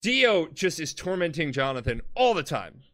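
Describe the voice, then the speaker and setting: A man's voice: on the high side, normal speed. Drunk man telling a story animatedly. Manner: animated, profane, bursts into shouted character voices. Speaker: podcast host. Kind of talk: tipsy casual storytelling.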